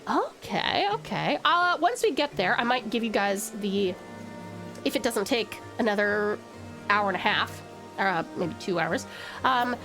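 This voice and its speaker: A woman's voice: mid-range voice, expressive, unhurried, bright, forceful tone. A young woman streaming a game, bubbly and affectionate as she thanks her chat and curses now and then. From Tasmania, Australia. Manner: bubbly, affectionate, swears casually. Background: game music.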